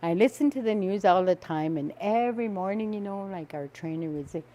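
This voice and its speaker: A woman's voice: medium pitch, expressive, brisk, warm tone. An older woman from the Northwest Territories of Canada, casually telling a personal story and laughing often as she goes. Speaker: storyteller guest.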